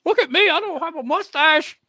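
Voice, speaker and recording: A man's voice: extremely high pitch, animated, brisk, pushed and bright, no room sound, clean studio sound, pitched above the performer's own voice, full character voice. A man doing a teasing impression of a bearded friend who acts dim. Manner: goofy, exaggerated teasing.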